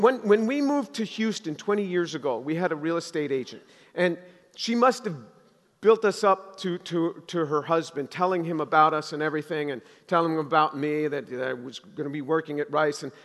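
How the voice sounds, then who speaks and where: A man's voice: sits high, a bit bright. A man preaching a sermon, talking conversationally and building to emphatic exhortation. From Jewish background in the US. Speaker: pastor. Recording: long reverb of a hall.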